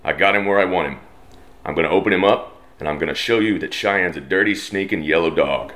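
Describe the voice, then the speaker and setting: A man's voice: low voice, brisk, a bit bright. A man putting on a snarling Texan gunman. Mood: taunting. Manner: taunting, raised voice. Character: snarling young male gunman, cocky and cruel.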